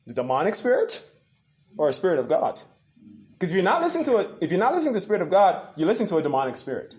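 A man preaching a sermon, asking questions back to his congregation in an animated way. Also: sits high, very fast. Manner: animated, call-and-response with the congregation. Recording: echoey room.

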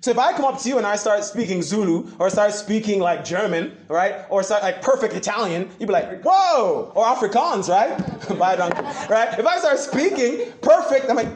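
A man preaching a sermon, asking questions back to his congregation in an animated way. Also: high-pitched, normal speed, hardly any pauses. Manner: animated, call-and-response with the congregation. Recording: echoey room.

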